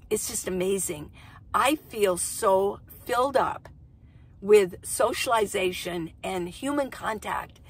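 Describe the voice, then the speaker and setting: A woman's voice: medium pitch, slight background noise. A woman in her sixties, a van-life vlogger, casually telling a story to camera in a chatty, rambling way, acting out what people said. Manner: chatty, rambling, acts out quoted dialogue.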